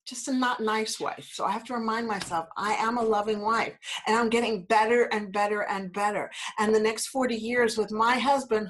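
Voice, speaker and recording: A slightly congested New Zealand woman in her fifties, whose mid-range voice is a bit bright, hosts a podcast. She offers an encouraging, upbeat motivational talk that keeps repeating affirmations.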